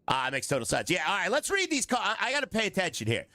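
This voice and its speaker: A middle-aged man streaming a game live, excitable and joking as he chats with his viewers. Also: high-pitched, quick pace, no echo. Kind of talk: live gameplay commentary.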